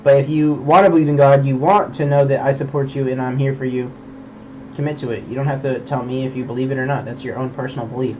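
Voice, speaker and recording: A man's voice: medium pitch, fairly even intonation, fast, lo-fi sound, noisy background. A young man streaming, rambling in casual chat, swearing a lot and preaching about belief.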